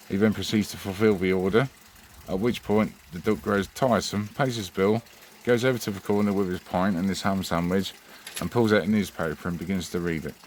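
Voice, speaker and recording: A man's voice: low-pitched, slight background noise. A man hosting his own channel, chatting in a rambling, friendly way. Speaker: channel host. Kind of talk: casual vlog address.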